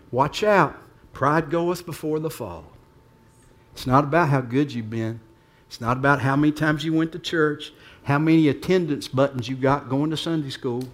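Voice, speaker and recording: A man preaching a sermon in an easy, conversational way, his voice sitting at an ordinary middle pitch. He drops into near-whispered asides, then presses hard on his main points. He sounds like a pastor talking straight to his congregation rather than reading from notes. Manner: conversational preaching, swinging from hushed to emphatic. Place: church.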